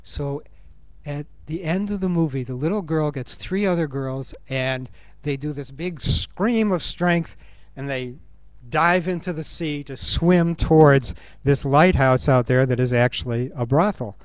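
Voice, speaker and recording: A man giving a reflective conference talk, earnest and musing, thinking aloud with pauses. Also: on the high side, dry recording. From United States. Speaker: conference speaker. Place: university conference room.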